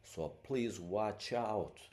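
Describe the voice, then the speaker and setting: This is a lowish, slightly mellow male voice, speaking extremely slowly. The middle-aged speaker, a native Albanian, is ill and stuffed up from a month of sickness, and he wanders through a casual monologue full of fillers such as "you know what I mean."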